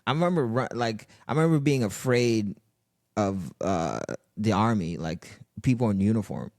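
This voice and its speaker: A young man from Egypt, a comedian guest on a podcast, chatting in a relaxed, laid-back way. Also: lowish voice, normal speed, no echo, studio quality. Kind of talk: casual chat.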